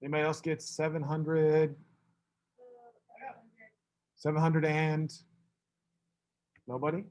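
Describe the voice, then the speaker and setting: A man teaching a math class, brisk and teasing, fussing at students and then reassuring them. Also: fairly high pitch, monotone, a little mellow.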